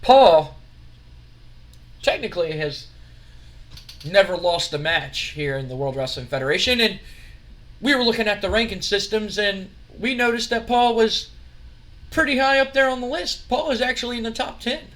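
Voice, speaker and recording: A man voicing a scheming young male wrestling executive who talks in a smooth, wheedling way. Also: high voice, lively intonation, moderate pace, long pauses, a bit bright, pitched above the performer's own voice.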